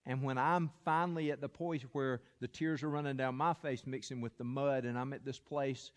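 A man preaching a sermon, telling a story with animated, building energy. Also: mid-range voice, moderate pace, big-room sound. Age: adult. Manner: animated, builds to loud excited peaks when telling a story. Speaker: pastor.

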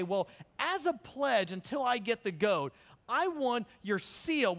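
A man's voice: sits high, fairly bright tone. A man preaching a sermon, retelling a Bible story with jokes and acted-out lines. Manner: jokey, acts out the characters' lines. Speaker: pastor. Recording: hall reverb.

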